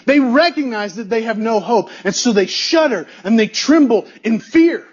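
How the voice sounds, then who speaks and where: A man's voice: very high voice, animated, moderate pace, breathy edge, lo-fi sound. A man preaching a sermon as a pastor. He is emphatic, repeats key phrases and asks the listeners rhetorical questions.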